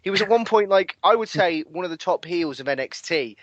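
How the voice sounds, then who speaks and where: A man co-hosting a casual podcast chat, telling animated, profane stories about the news. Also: high-pitched, brisk, no echo, highs cut off. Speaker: podcast co-host.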